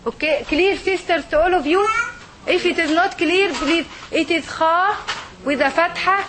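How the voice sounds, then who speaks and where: In a noisy, crowded classroom of women students, a high-voiced Arabic teacher with a slightly bright tone goes over the letters. She works patiently, repeating words slowly for the learners.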